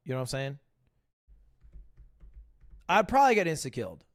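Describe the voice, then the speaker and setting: A man hosting a livestream, chatting casually in a rambling, joking way with quick asides. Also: medium pitch, very animated. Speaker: livestream host. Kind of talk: casual reaction-stream chat.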